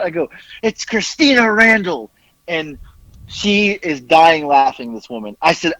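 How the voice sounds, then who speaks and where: A man co-hosting a casual podcast, telling a long story with a lively, swooping voice. He acts out the people he quotes. The sound is dry and a little dull. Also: on the high side, normal speed, dry recording. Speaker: podcast co-host.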